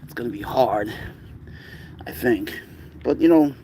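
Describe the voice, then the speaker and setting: A man chatting casually on a livestream, talking plans with viewers and cooing softly to cats in a baby voice. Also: medium pitch, a little slow, husky. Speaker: livestream host.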